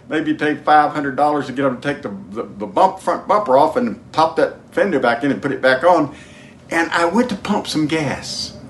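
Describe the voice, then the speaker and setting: A man preaching a sermon, telling stories in a lively way. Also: medium pitch, slight background noise. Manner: storytelling, animated, breaks into singing a hymn.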